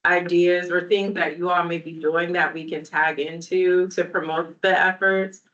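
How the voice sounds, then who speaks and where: A woman leads a town committee meeting, asking follow-up questions in an orderly way. Her voice sits a little low and the recording sounds dull and muffled. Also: little pitch movement, a little slow, fairly bright tone. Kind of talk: meeting discussion. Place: meeting room.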